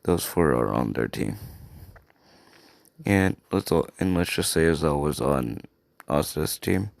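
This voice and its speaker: A man with a deep, gravelly voice and plenty of vocal fry tells a made-up fan story off the cuff. He rambles, loses his thread and swears, and he tags his sentences with "right?". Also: animated, unhurried. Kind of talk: improvised fan story narration.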